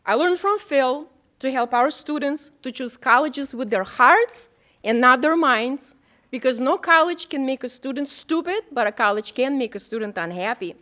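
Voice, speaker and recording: A woman introducing the keynote speaker at a school event, playful and warm as she builds him up. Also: sits high, animated, moderate pace. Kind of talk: introduction speech. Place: auditorium.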